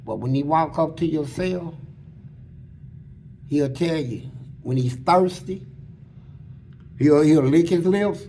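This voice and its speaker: High-voiced man telling blunt, crude stories. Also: slow, pauses often, warm tone, slight background noise. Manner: blunt, crude and vivid, with street slang; acts out other people's lines mid-story. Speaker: interview guest. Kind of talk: casual storytelling about prison life.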